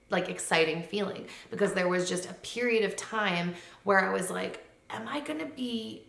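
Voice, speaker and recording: A young woman chats straight to her camera at home, her voice bright and clear. She talks in a heartfelt, rambling way, full of likes and ums. The room has hard floors and gives her voice a noticeable echo. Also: medium pitch. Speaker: lifestyle vlogger. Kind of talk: casual chat to camera. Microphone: camera mic.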